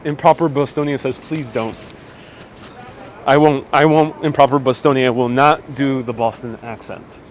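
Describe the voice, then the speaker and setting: A man's voice: medium pitch, steady tone, normal speed. A man hosting a live walking tour, chatting casually and reading out viewer comments, a bit stuffy-nosed, outdoors on city streets. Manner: chatty, reads viewer comments aloud, laughs often. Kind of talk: casual live-stream chat while walking. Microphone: wireless clip-on mic. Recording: faint street noise outdoors.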